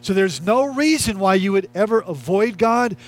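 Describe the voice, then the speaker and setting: A man's voice: high-pitched, expressive, moderate pace, faint music behind. A male pastor preaching a sermon in a conversational, emphatic way, repeating his key lines.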